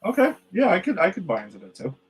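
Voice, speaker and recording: A man with a slightly high voice talks through the latest TV episodes with his co-host. He rambles, restarts his sentences and retells scenes by quoting the characters. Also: huge pitch swings, fast, breathy edge, poor audio. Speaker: podcast co-host. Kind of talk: casual chat recapping TV episodes.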